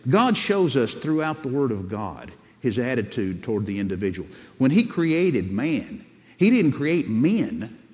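A man's voice: medium pitch, sing-song, a little slow, a little mellow. A male pastor preaching a sermon, repeating words and calling on the congregation to respond. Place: church sanctuary. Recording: echoey church hall with long reverb.

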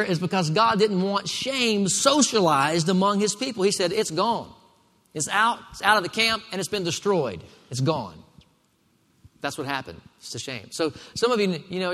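A man preaches a sermon as pastor, calling on his congregation to answer back. His voice sits a little high. It rings with long reverb from a large hall. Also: fairly bright tone. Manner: preaching with call-and-response to the congregation.

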